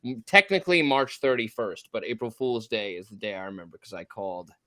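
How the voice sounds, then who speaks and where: A man's voice: fairly low pitch, fairly quick, sharp tone. A tipsy man on a livestream, gushing and rambling with swearing and laughter. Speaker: livestream guest. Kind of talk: emotional tipsy livestream chat.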